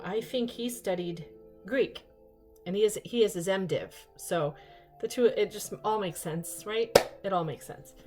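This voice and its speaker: An older woman hosting a casual unboxing vlog, chatty and excitable, rambling into asides. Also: medium pitch. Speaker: vlog host.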